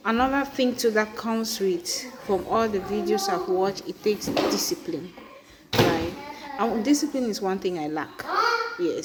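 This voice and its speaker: A woman from Cameroon with a Cameroonian accent, vlogging in a chatty way, often asking "right?" and filling pauses with "um". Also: medium pitch, very noisy. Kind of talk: casual personal vlog.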